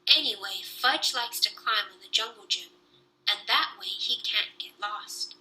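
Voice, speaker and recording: A young woman reading a children's book aloud with lively storytelling. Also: mid-range voice, a little slow, slight background noise, rough recording.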